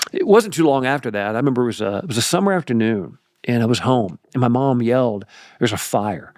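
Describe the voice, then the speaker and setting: A middle-aged pastor telling a personal story in a folksy, animated way on a podcast. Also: male voice, medium pitch, dry recording, studio quality. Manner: animated, folksy, laughs through anecdotes. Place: podcast studio.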